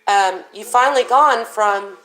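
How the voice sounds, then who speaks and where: A woman's voice: medium pitch, a little slow, a bit bright, rough recording. A woman doing a casual tarot reading, chatty and thinking aloud with plenty of fillers. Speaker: tarot reader.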